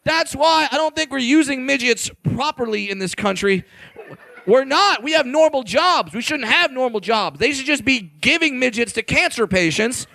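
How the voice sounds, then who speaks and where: A man in his twenties doing a brash, crude stand-up set, shouting his punchlines. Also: extremely high pitch, animated, moderate pace, gravelly, no echo. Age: 20s. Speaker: stand-up comedian.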